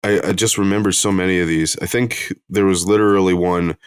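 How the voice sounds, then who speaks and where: A man's voice: low voice, fairly even intonation, brisk, clear, resonant tone, dry recording, clean studio sound. A man co-hosting a podcast, chatting casually with crude, sardonic jokes. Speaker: podcast co-host. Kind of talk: casual banter.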